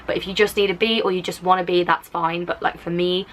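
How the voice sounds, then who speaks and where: Teen female YouTuber, English, softened Black Country accent, casual and filler-heavy, bright tone. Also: on the low side, fairly even intonation, fast, slight background noise. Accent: softened English, drifting toward Black Country. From Black Country, England. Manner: chatty, rambling, frequent "like" fillers. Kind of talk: casual reaction chat to camera.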